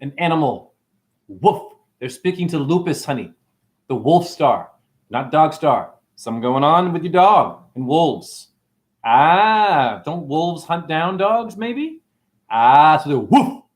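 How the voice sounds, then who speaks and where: A man rambles through a livestream monologue, stringing words together in playful sing-song riffs. His voice sits a little high and swoops widely, jumping into sudden whoops before dropping into drawling asides. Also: expressive, slow pace. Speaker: online show host.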